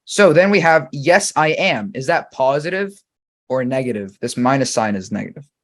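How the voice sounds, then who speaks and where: A man teaching an English grammar lesson, reading example sentences slowly and quizzing the viewer patiently. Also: medium pitch, lively intonation, fairly bright tone.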